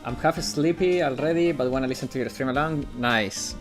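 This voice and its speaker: A man's voice: mid-range voice, fairly quick. Brief: casual male game streamer from Italy, answers chat, stumbles over read-out lines, light music underneath. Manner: chatty, answers chat, stumbles while reading aloud. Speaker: gaming streamer. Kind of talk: casual livestream commentary and reading.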